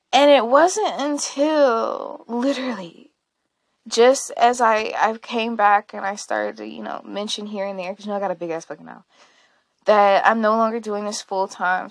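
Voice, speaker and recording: A woman talks through her solo podcast in a loose, rambling way, laughing and swearing as she goes. Her voice sits a little high with a gravelly edge. The sound is close and dry, with no room around it. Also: dry recording. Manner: candid, rambling, laughs often, swears casually. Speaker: podcast host. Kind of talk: casual solo podcast monologue.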